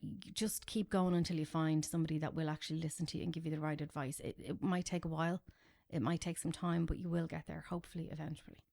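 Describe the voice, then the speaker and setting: A woman in her forties, speaking as a podcast guest. Her voice sits on the low side with a gravelly fry running through it. She tells her story candidly and animatedly, with wry, self-deprecating asides. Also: steady tone, quick pace, mellow. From Ireland. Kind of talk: personal story in a podcast interview.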